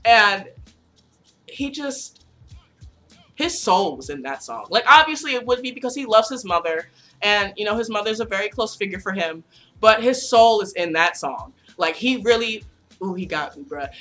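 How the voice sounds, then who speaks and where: A young woman vlogger chatting casually about a concert, gushing, excitable and full of slang and swearing. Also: medium pitch. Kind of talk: casual concert recap chat.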